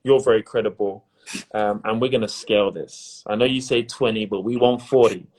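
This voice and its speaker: A man hosting a pitch competition final over a video call, chatty and upbeat, often repeating his words. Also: fairly even intonation, normal speed, darkish tone. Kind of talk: casual live-stream chat.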